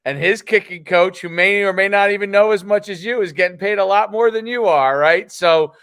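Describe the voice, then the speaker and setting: A man's voice: sits high, a little fast, fairly bright tone, smooth, no room sound. Emphatic man hosting a podcast. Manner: encouraging, emphatic, repeats himself. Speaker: host and coach. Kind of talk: podcast interview.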